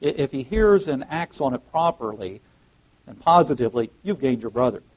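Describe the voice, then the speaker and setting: Man preaching, pausing to restart phrases. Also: medium pitch, animated, darkish tone, rough recording. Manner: reads scripture aloud with emphatic rises, frequent restarts. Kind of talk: sermon.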